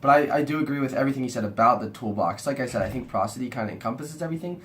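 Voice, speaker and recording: A young man and university student, sick and with a rough-sounding voice, talking through a talk he watched in a rambling, casual way. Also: mid-range voice, animated, rapid-fire, fairly bright tone, a little hiss or hum. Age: young adult. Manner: chatty and rambling, lots of "kinda". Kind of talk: casual video review.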